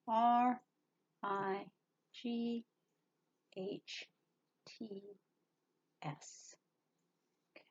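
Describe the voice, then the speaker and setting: A woman's voice: a little high, lively intonation, extremely slow, pauses often, lo-fi sound. A woman teaching a reading lesson to young children, patiently spelling out words letter by letter and explaining their meanings.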